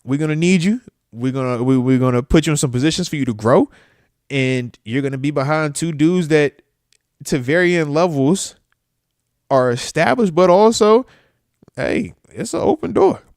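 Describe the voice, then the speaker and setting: Lively slangy male live-stream host. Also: a little high, normal speed, gravelly, no room sound, clean studio sound. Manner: loose and slangy, with a constant "man" filler; animated, with playful asides. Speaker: host of a football talk livestream. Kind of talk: casual live-stream chat. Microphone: close microphone that picks up breaths.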